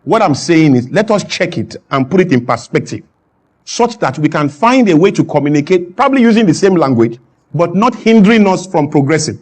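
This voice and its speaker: A man speaks with a fairly high voice. He argues his point with passion, hammering phrases through repetition. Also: big pitch swings, a little fast. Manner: emphatic, repeats lines for effect, rising to shouts. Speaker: guest speaker. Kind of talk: impassioned talk on a stage.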